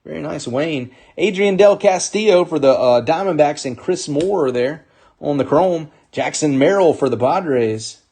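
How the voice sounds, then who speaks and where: A man's voice: a little high, lively intonation, a little slow, a little mellow, slightly rough. A man hosting a live sports card break, upbeat as he calls out players and teams while opening packs.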